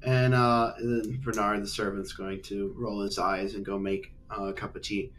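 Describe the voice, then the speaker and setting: A young man narrating a tabletop game as game master, halting and rambling with fillers. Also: lowish voice, level tone, fairly bright tone, slight background noise.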